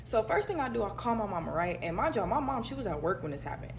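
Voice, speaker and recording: A woman telling a storytime to camera, rapid, heated and emphatic. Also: on the high side, sing-song, slight background noise.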